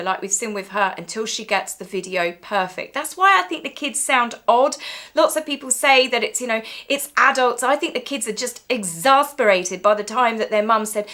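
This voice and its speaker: A woman hosts a gossip vlog about the royals in a sarcastic, mocking tone. Her voice sits a little high and sounds bright and crisp. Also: expressive, normal speed. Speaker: royal commentary vlogger. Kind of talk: sarcastic commentary.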